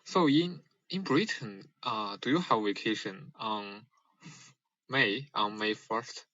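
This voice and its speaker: A man from China calling in to a livestream, speaking English hesitantly with many pauses. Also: on the low side, fairly bright tone, dry recording, muffled recording. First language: Mandarin. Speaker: caller on a livestream. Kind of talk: casual chat in English as a second language.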